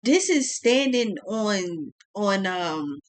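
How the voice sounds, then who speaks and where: A woman's voice: mid-range voice, big pitch swings, extremely slow. A young woman giving a blunt, profane tarot reading, exclaiming as she turns the cards. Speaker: tarot reader.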